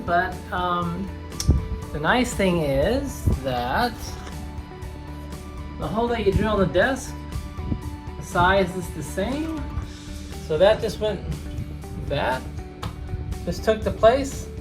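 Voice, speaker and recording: Casual man demoing desk gear. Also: high voice. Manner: relaxed, explains while handling gear, frequent fillers. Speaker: gear reviewer and teacher. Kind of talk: casual product demo. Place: home desk setup.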